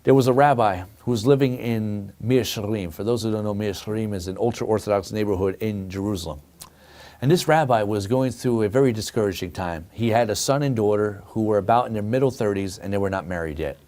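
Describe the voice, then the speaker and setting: Animated preaching man telling a story. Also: fairly low pitch, brisk. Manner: animated preaching, addresses listeners as friends. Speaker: rabbi teaching a weekly Torah lesson. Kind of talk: sermon with storytelling.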